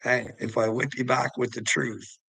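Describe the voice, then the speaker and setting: Male vlogger, gravelly and bright-edged, preachy and taunting, rambling monologue, dry close mic. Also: medium pitch, fairly even intonation, moderate pace, no echo, rough recording. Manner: preachy and taunting, jumps between topics, laughs to himself. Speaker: vlogger answering commenters. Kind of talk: casual rambling monologue to viewers.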